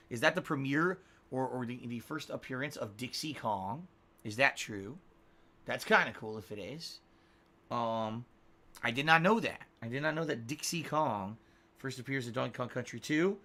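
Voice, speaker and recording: Playful and quick to laugh, this Connecticut-accented streamer reads donations from viewers, teases his own pronunciation and stretches words out mockingly. He has a mid-range, bright and forceful voice with lively intonation.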